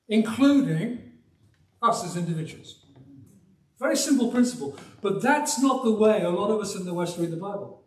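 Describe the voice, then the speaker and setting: An older English preacher with a softened West Midlands accent delivers a sermon in a folksy, emphatic way, breaking into small chuckles. His voice sits a little higher than most men's. It is picked up from some distance in a roomy church hall. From Black Country, West Midlands of England.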